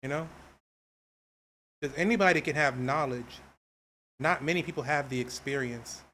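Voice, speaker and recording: A man's voice: medium pitch, moderate pace, pushed and bright, a little hiss or hum. A man livestreaming while a game downloads, chatting casually, rambling and restarting his sentences, and greeting viewers in chat. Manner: rambling, repeats himself, restarts phrases.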